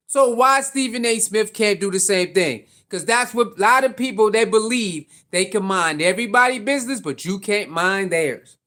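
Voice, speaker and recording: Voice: mid-range voice, fairly bright tone. A sports commentary vlogger giving casual, opinionated takes, firing off rhetorical questions and repeating points in slangy speech.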